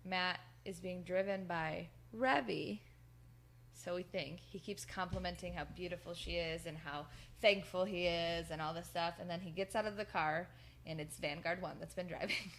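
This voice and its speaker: A woman's voice: fairly low pitch, steady tone, normal speed, a bit bright, slight background noise. A woman co-hosting a podcast, casually recapping wrestling in a rambling way with lots of fillers and laughter. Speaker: podcast co-host.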